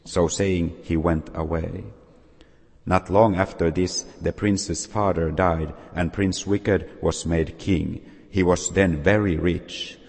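Storyteller, man, very low husky voice, measured folk-tale reading, long reverb. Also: fairly even intonation, a little mellow. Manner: slow, measured reading with small slips.

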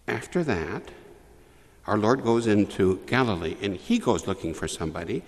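Lively low-voiced priest in a reverberant church. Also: male voice, normal speed. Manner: lively storytelling with asides to children. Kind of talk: children's homily.

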